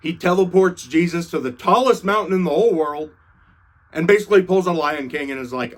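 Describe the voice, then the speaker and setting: A man's voice: a little high, brisk. A young man irreverently retelling scripture as comedy, slangy and swearing casually. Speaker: comedic storyteller.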